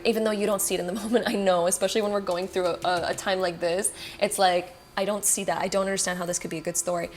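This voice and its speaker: Doing a casual pick-a-card reading for viewers, the tarot reader talks rapidly and with excitement, full of "like" and "you know" and reassurance. She's medium-pitched, with a slight hiss or hum in the background.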